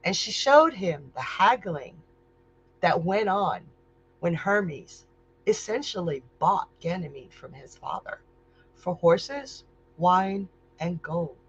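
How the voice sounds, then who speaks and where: A woman's voice: fairly low pitch, sing-song, slow pace, breathy edge. A woman hosting a show, telling a myth in an emotional style that builds to intensity, on a dull, lo-fi recording. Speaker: storyteller and psychic host. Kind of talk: dramatic myth storytelling.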